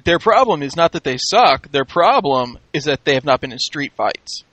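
A man's voice: a little high, sing-song, moderate pace, a bit bright, no echo. A man hosting a casual podcast chat, wry and joking, often laughing. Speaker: podcast host recapping a wrestling show.

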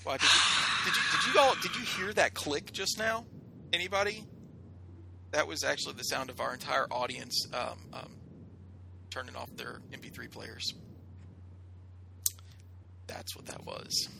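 A man's voice: mid-range voice, moderate pace, gravelly, sharp tone, slight background noise. A man co-hosting a podcast in casual chat, mock-boastful and theatrical as he jokes with his friends. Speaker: podcast co-host.

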